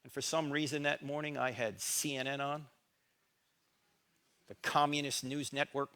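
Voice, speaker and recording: A man's voice: mid-range voice, fairly even intonation, normal speed, pushed and bright. A middle-aged man giving a talk in a church, dramatic and sarcastic, acting out bits of dialogue. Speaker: guest speaker. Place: church sanctuary.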